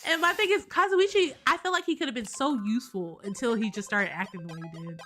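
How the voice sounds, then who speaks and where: A woman chatting casually while streaming a game, animated and quick to laugh and swear, greeting her viewers. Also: on the high side, music in the background. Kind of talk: casual live game commentary.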